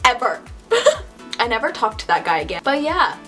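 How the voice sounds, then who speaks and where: A young woman vlogger telling a story in casual chat, animated and exasperated, with a steady stream of "like". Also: a little high, moderate pace, soft background music. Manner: chatty, filler-heavy with frequent "like".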